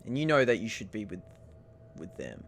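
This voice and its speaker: Calm male game master narrating. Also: on the low side, moderate pace, a little hiss or hum.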